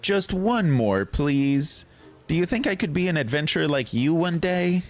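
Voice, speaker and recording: Guy doing a squeaky eager little girl, drawn out and pleading, music faint behind. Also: animated, measured pace.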